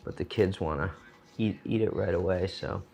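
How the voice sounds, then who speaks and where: A man's voice: low-pitched, normal speed, gravelly, rough recording. A chatty, jokey man hosting a casual cooking demonstration in a home kitchen. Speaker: chef host. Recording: loud sizzling pan behind voice. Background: frying and sizzling.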